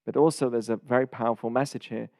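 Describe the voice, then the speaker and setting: A man hosting and teaching a casual Torah lesson, explaining in short phrases with pauses and glossing Hebrew terms as he goes. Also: mid-range voice, fairly even intonation, darkish tone, dry recording, studio quality.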